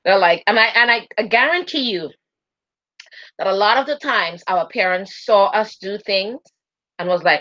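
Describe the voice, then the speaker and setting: A woman's voice: mid-range voice, animated, normal speed, fairly bright tone, highs cut off. A woman co-hosting a casual live talk show, telling stories animatedly and laughing often. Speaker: co-host. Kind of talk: casual chat.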